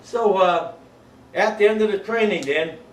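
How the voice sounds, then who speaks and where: A man's voice: high voice, measured pace. A man in his eighties telling old army stories in a rambling, folksy way, often chuckling and adding "you know what I mean.". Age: 80s. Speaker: World War II veteran. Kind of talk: oral history storytelling. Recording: roomy home recording from a distance, faint ambience.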